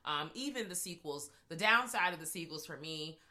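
A woman co-hosting a podcast, chatting casually and profanely about a horror film, cackling and animated. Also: sits low, moderate pace. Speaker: podcast co-host. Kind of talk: casual chat.

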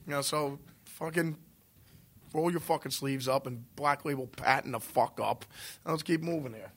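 Here a man speaks at a moderate pace in a husky, mid-range voice with a fairly bright tone. A guest musician from New Jersey, he chats casually in an interview, rambling and cursing freely, often laughing through his stories.

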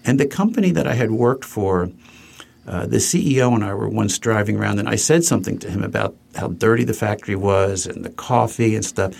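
A man's voice: on the low side, a little fast, vocal fry, a little mellow, husky. An older man from New Jersey, a furniture company co-founder, telling anecdotes in a casual interview and acting out the people he quotes. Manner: anecdotal, acts out quoted voices, frequent restarts.

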